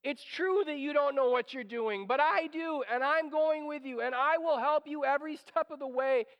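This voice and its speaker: High-voiced animated male preacher. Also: normal speed, muffled recording. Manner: animated, acts out quoted voices, drops to near whisper. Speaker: pastor. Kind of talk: sermon.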